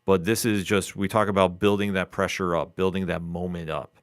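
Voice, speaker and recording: A man co-hosting a comic book review podcast, calmly recapping the story. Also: deep voice, moderate pace, no room sound, clean studio sound. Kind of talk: casual review chat.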